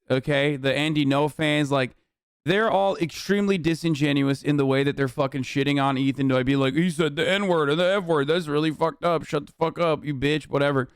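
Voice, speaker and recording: A man's voice: on the high side, clear, resonant tone, dry recording, studio quality. Heated, profane male streamer. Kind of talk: ranting livestream commentary.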